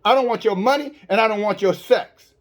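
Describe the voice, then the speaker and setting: A man with a high voice preaching a sermon to his listeners. He presses each point hard and asks them questions directly. He often stumbles and restarts his words as he goes. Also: fairly quick. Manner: emphatic, with frequent stammered restarts. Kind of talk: online sermon.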